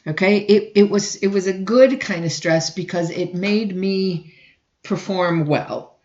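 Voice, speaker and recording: A woman college instructor talks through a recorded lecture at a medium pitch. She keeps clearing her throat and circling back to restart her sentences. The recording sounds dull and lo-fi, with the top end rolled off. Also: measured pace, darkish tone, reverberant.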